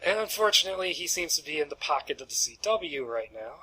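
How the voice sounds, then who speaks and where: A man's voice: on the high side, lively intonation, brisk, crowd noise, poor audio. A man living in the American South, co-hosting a podcast in casual chat, laughing often and trailing off. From southern United States. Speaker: podcast co-host.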